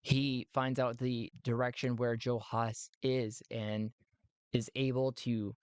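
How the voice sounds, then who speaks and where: A man's voice: medium pitch, flat delivery, slow pace, a little mellow, smooth, no echo. A man narrating a solo tabletop game in a playful, rambling way, with many fillers.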